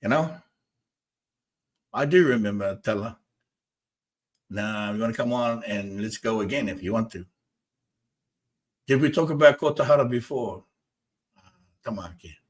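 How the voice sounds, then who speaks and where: A man's voice: lowish voice, animated, normal speed, long pauses. A man hosting a spiritual talk show, speaking emphatically and repetitively and arguing with his viewers. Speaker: host.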